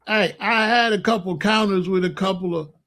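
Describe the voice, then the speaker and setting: A man's voice: high-pitched, a little fast, a bit bright. A man delivering heated, confrontational stream commentary in blunt street slang.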